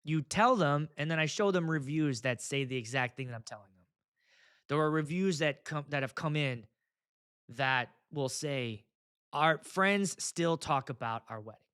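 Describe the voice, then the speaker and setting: A man hosting a casual podcast, telling stories in an animated, profane, comic ranting way. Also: fairly high pitch, normal speed, clean tone. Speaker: podcast host, wedding DJ.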